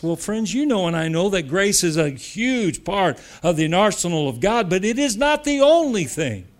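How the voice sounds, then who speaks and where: A man's voice: high voice, very animated, normal speed. Emphatic American man preaching a sermon. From United States. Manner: emphatic, rising to loud declarations; repetitive, conversational asides. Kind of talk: sermon to church leaders.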